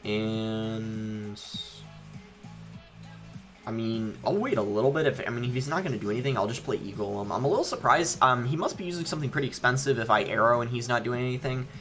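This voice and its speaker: A man's voice: medium pitch, expressive, fairly quick, fairly bright tone, faint music behind. A young man casually commenting on his own gameplay as he plays, thinking aloud with frequent ums. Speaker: gaming YouTuber.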